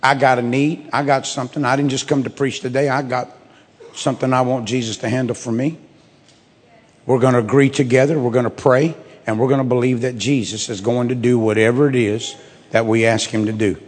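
A male pastor preaching to his church in a folksy, repetitive way that swells into loud bursts. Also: medium pitch, fairly even intonation, brisk, long reverb tail. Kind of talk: sermon with altar call. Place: church sanctuary.

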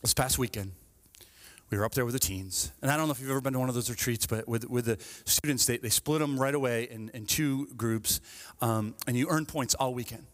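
A middle-aged male pastor preaches a sermon in a mid-range voice, fairly quick, with big-room sound. He tells stories, swinging lively from hushed asides to fervent appeals, often tagging lines with "right?" and repeating phrases.

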